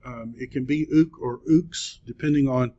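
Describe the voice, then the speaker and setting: A man teaching a Greek class, speaking patiently and encouragingly, with frequent pauses. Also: medium pitch, warm tone. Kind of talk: classroom lecture. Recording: dull lo-fi classroom recording.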